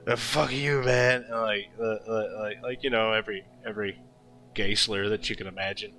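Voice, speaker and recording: A man's voice: fairly low pitch, fairly even intonation, normal speed, sharp tone, soft background music, low-quality recording. A young man telling a story while drawing, rambling and laughing often, full of fillers and restarts. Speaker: artist streaming while drawing.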